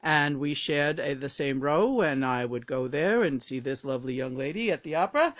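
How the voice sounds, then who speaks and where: A woman channeling the spirit of a famous late male actor, speaking in a polished, theatrical, loud way. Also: deep voice, expressive, moderate pace. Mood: gracious.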